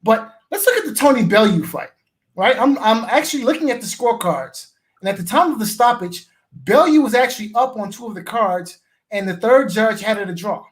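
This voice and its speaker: A man's voice: high voice, expressive. A man joining a live boxing talk show as a pundit who lays out his argument step by step. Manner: measured, builds a case step by step.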